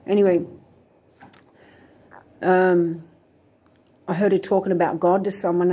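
A woman's voice: on the low side, little pitch movement, normal speed, pauses often, dark tone. A woman vlogging, telling a long, aggrieved story full of fillers and restarts. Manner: aggrieved, indignant retelling with many fillers and restarts. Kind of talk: rambling personal storytelling.

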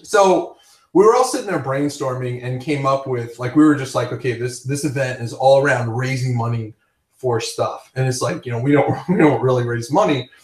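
A man's voice: medium pitch, moderate pace. A man hosting a casual chat, telling rambling stories with frequent laughs. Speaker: podcast host. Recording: roomy, distant from the mic.

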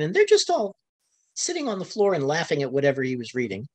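An American man on a webinar panel, retelling events conversationally, his voice climbing high when he quotes others, with frequent restarts. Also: huge pitch swings, fast. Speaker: panel guest, county LGBTQ commissioner.

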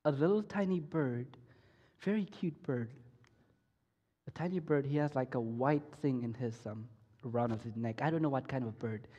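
A man giving an emotional personal testimony sermon at a school week of prayer, swinging from soft to loud and slow, often repeating and restarting phrases. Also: mid-range voice, dull audio. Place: school worship hall. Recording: echoey hall.

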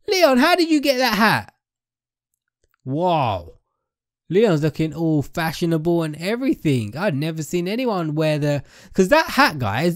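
A young man narrates his gameplay in a chatty, playful way, often turning to address his viewers directly. His voice sits a little high for a man. He jokes and talks straight to the characters on screen. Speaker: gaming YouTuber. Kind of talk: casual let's-play commentary.

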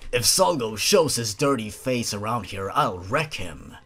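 A man voicing a sullen, brooding young male killer who mumbles low and flat. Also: a little slow, slightly rough, exaggerated voice.

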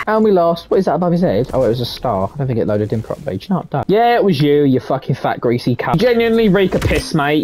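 A young man streams his gameplay, swearing and boasting at his opponents without pause. His voice sits high and swings widely in pitch. Faint gunfire and game noise run underneath. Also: darkish tone. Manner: trash-talking, swearing, boastful. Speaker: gaming YouTuber. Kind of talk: gameplay commentary.

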